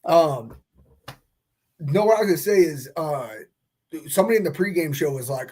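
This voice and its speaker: A man with a somewhat high voice co-hosts a post-game sports podcast. He rambles through his thoughts, full of "uh" and "like," looping back to finish them. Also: expressive, moderate pace, warm tone, breathy edge. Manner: rambling, filler-heavy, chuckling. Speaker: podcast co-host. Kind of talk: excited post-game chat.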